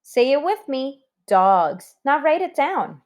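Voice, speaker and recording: A woman's voice: high-pitched, big pitch swings, slow pace, a little mellow. A woman teaching a recorded spelling lesson to children, sounding out words letter by letter.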